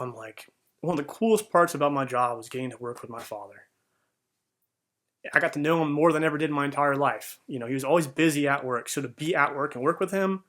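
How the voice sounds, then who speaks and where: Man, bright forceful voice, earnest, casual storytelling, lots of ums. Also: mid-range voice. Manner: earnest storytelling with many fillers. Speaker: podcast host. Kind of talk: casual reflective monologue.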